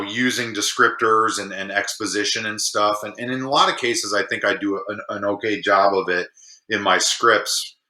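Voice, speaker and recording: A Chicago man with a low but bright, forward voice talks casually and pokes fun at himself. The recording is roomy and echoey. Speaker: podcast guest, screenwriter. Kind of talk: casual podcast chat. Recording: echoey room.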